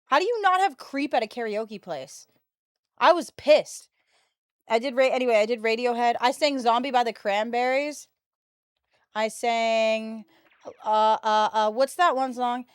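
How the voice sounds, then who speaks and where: A 22-year-old American woman in her early twenties livestreams, animatedly telling stories and chatting in casual slang with viewers. Her fairly high, clean-toned voice runs a little slow, captured at studio quality with no echo.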